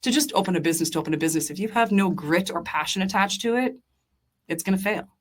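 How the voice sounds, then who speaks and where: In a relaxed interview, a young woman who runs a diner and cooks there talks fast in a mid-range voice with lively intonation. She comes across as earnest and passionate as a podcast guest, though she uses many fillers and keeps restarting.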